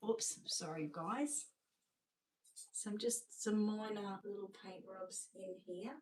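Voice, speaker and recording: An Australian woman chats and gushes through a live-stream sales showcase, sinking to a hushed voice over the sweetest items. Her voice sits at an ordinary middle pitch for a woman. The sound is roomy and set back from the microphone. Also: slow, recorded from a distance, slight background noise. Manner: chatty, gushing, drops to a hushed voice over sweet babies. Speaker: doll seller hosting a live showcase. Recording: roomy sound, away from the mic.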